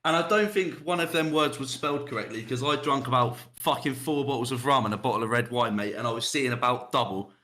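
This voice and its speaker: A man's voice: mid-range voice, fast talker, few pauses, sharp tone. A young man hosting a podcast, talking bluntly and casually, swearing and laughing often. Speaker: podcast host. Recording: roomy echo.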